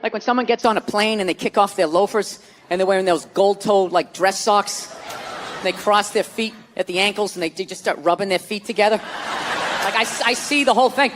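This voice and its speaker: A man doing a stand-up comedy set, profane and animated, slipping into mocking voices. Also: high voice, brisk, a little hiss or hum. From United States. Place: large hall before a live audience. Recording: live stage recording in a reverberant hall with crowd.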